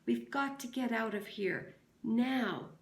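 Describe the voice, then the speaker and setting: A woman's voice: on the high side, slow, gravelly, distant mic, pitched above the performer's own voice. A woman voicing a desperate, defiant young schoolteacher who speaks urgently and out of breath, read aloud in an echoey room.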